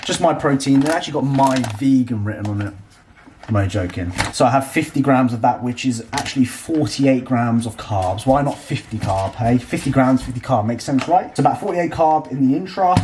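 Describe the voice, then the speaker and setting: A man, chatting casually at home as a fitness vlogger, cheeky and quick to swear. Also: medium pitch, background noise. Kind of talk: casual vlog chat.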